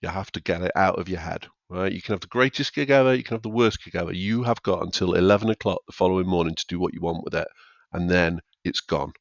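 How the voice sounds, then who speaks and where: A man with a low-pitched voice, quick pace and vocal fry talks as a guest in a podcast interview about his life as a stand-up comic. Candid and self-deprecating, he acts out overheard chatter; the lo-fi sound is dull and dry, with no echo.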